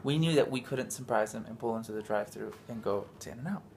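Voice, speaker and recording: A man's voice: on the low side, fast talker, creaky, a little mellow, faint music behind. A man hosting a family vlog, chatting casually and rambling with frequent restarts as he tells a story. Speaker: vlog host and father.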